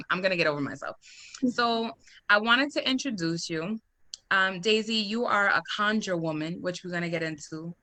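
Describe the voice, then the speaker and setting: A woman hosting a podcast, talking in an effusive, excitable way and laughing often. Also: mid-range voice. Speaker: podcast host. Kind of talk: casual chat.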